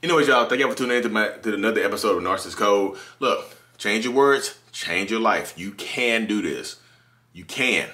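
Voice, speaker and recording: A man's voice: lowish voice, animated, fairly quick, bright, forceful tone. A man hosting a casual motivational monologue, emphatic and repeating phrases to his listeners. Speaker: podcast host.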